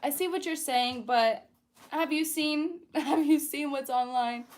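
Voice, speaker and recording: A young woman with a slightly high voice talks through a casual livestream. Her speech is chatty and earnest, full of fillers and restarts. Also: measured pace, slight background noise. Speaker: livestream host. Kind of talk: casual livestream chat while painting.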